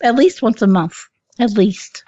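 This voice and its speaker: Podcast co-host, woman, high voice, candid and profane, dry dull sound. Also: unhurried, dark tone, dry recording. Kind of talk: casual chat.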